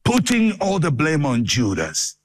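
A man delivers a sermon in a measured, unhurried way, stacking repeated phrases for dramatic effect. His voice sits fairly high and rises and falls with wide, lively swings as he drives each point home. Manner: dramatic, emphatic preaching with repetition. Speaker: preacher.

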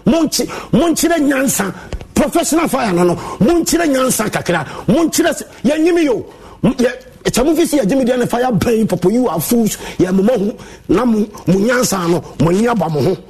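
A man's voice: very high voice, expressive, brisk, a little mellow, slightly rough. A Ghanaian man, a sports pundit, angrily scolding and insulting his listeners in a heated monologue.

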